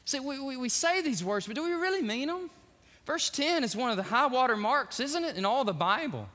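High, lively preaching man in an echoey hall. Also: moderate pace. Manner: animated, exclamatory preaching with joking asides. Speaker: pastor. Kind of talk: sermon. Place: church sanctuary at the pulpit.

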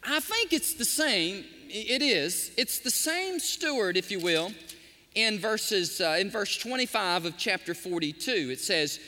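A man preaching a sermon as pastor, with an animated delivery. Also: sits high, a little slow, in a large hall. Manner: animated preaching, sometimes softly sings hymn lines.

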